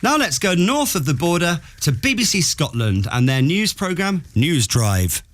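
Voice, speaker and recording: A man's voice: on the high side, very animated, moderate pace, fairly bright tone. A man hosting a radio comedy game, teasing and upbeat in studio banter. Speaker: radio show host. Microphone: studio mic.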